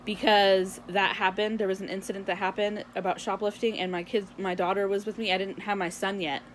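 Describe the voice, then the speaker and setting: A young woman vlogger ranting to camera, telling a story in an animated way and acting out the dialogue. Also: medium pitch, a little fast, slight background noise. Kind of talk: casual venting rant to camera.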